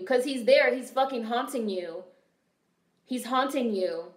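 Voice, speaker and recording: A woman's voice: fairly high pitch, unhurried, echoey room. A young woman casually commenting on a film during a live stream, swearing freely and answering her chat. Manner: chatty, swearing, reads and answers viewer chat.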